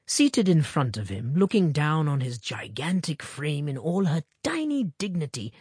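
A woman reads a classic story aloud in a measured, expressive way, and her pitch rises and falls in a lively manner. Her voice has a husky, slightly breathy grain. The recording is close and dry, with no room sound. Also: dry recording. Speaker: audiobook reader. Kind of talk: scripted narration of a short story.

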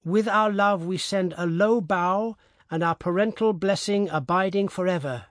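A man's voice: unhurried, no room sound, clean studio sound. A man voicing an anxious old peasant woman. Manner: raised pitch, pleading and tearful.

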